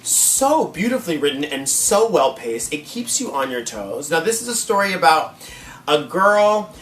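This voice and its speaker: A woman's voice: low voice, big pitch swings, normal speed, a bit bright. A trans woman, a drag queen, chatting in a sassy, gushing way in a casual haul vlog. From United States. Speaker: manga collector vlogger. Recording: echoey room, faint ambient noise.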